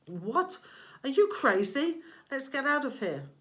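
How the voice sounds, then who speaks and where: Brief: woman doing a panicked teen boy, pitched up, bright and protesting. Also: sing-song, slow, heavily acted. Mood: alarmed. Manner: alarmed, protesting. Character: panicked teenage boy hero.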